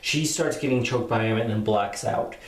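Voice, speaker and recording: A man's voice: fairly low pitch, moderate pace. A man giving a casual spoken book review, retelling the plot in a rambling way with many fillers. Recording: roomy echo.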